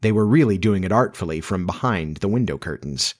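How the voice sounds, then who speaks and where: A man reading a classic children's story aloud as narrator, measured and expressive. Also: low-pitched.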